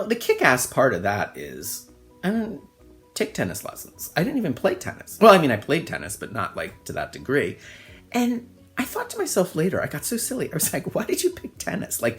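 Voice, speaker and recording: Animated middle-aged man telling a story. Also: mid-range voice. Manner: rambling, filler-heavy, self-mocking. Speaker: host. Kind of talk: personal storytelling monologue.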